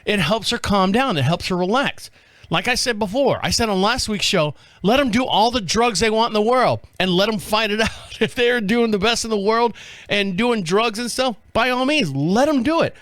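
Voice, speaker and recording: A man with a fairly high voice hosts a podcast, rambling off the cuff and cursing casually as he reads and riffs. The sound is dry and close, with no room echo. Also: animated, normal speed, fairly bright tone. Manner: rambling, off-the-cuff, swears freely. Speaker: podcast host. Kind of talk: casual commentary.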